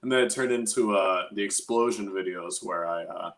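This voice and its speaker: Low-voiced young man telling his story. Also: moderate pace, fairly bright tone. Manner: rambling, candid, swears casually. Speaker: guest, opera singer and grad student. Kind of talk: casual storytelling chat.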